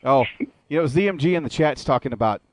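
A man's voice: mid-range voice, animated, quick pace, no echo. A man hosting a wrestling radio show, ranting with lots of swearing in a casual chat. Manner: profane, ranting storyteller.

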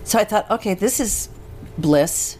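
A woman guest telling personal stories in a relaxed interview, animated and acting out the voices of the people she quotes. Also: medium pitch, measured pace. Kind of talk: conversational storytelling. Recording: faint background noise.

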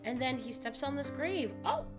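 A woman's voice: high-pitched, moderate pace, over music. A woman co-hosting a podcast, casually retelling a musical's plot and acting out the characters' lines, with some swearing. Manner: animated, profane, acts out characters' lines. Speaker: podcast co-host.

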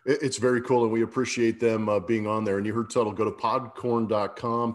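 A man's voice: on the low side, level tone, brisk, hardly any pauses. A man hosting a sports podcast, talking casually and reading ads with a scratchy morning voice. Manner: laid-back, fillers and restarts, ad reads. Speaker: podcast host.

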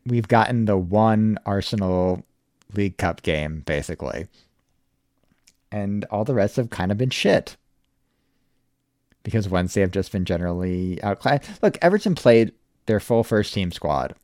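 A man's voice: lowish voice, expressive, a little slow, pauses often, a little mellow, dry recording, studio quality. A man hosting a casual podcast, laid-back and wry, laughing often and swearing casually. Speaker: podcast host.

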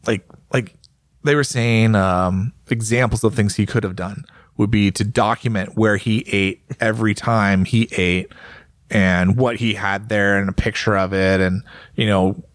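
A man's voice: fairly low pitch, steady tone, measured pace, no room sound, clean studio sound. A man co-hosting a casual podcast, talking in a rambling way with lots of fillers and restarts. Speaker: podcast co-host, motorcycle rider. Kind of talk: casual chat.

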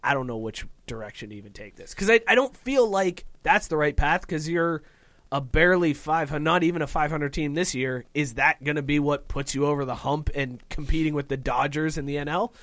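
A man's voice: on the high side, fairly quick, a bit bright, dry recording. A man co-hosting a sports podcast, talking in an earnest, opinionated way in casual chat. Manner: earnest, opinionated fan talk. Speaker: podcast co-host.

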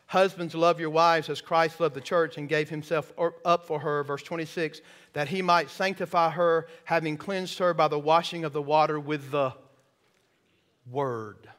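A man's voice: on the high side, steady tone, normal speed, a bit bright. A man preaching a sermon in a church, folksy and checking that the congregation follows along. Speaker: pastor. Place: church sanctuary.

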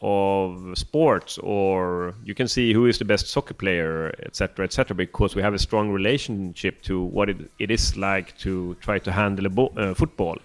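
A man who is a film director, a Swedish native speaker, answering interview questions in a thoughtful, halting way with many restarts. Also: low voice.

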